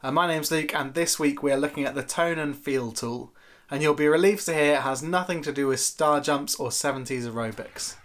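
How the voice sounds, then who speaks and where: Man, slightly high voice, church Bible teacher, casual playful video lesson. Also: brisk, fairly bright tone. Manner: conversational and lightly playful.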